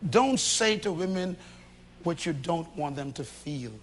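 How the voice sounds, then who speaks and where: A man preaching a sermon to a live congregation, swinging from shouts to low confiding tones and acting out little dialogues in different voices. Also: animated, unhurried, slight background noise. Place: church hall with a congregation.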